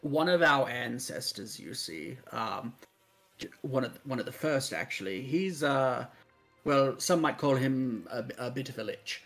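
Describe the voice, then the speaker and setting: A man's voice: medium pitch, a little slow, a bit bright, faint music behind. A man playing a tabletop game, speaking in character with genteel, rambling, old-fashioned phrasing. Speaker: player voicing an undead noble character. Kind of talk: in-character tabletop role-play.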